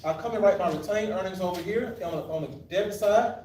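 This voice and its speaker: A man's voice: high voice, fast talker, darkish tone, slight background noise. A man teaching an accounting class live, asking the class questions and then answering them himself, often restarting his sentences. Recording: echoey room, mic at a distance.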